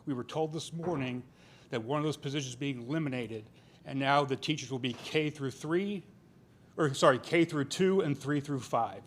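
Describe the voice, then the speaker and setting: A man's voice: mid-range voice, normal speed, slight background noise. A man speaking as a parent during public comment at a school board meeting, emotional and pleading.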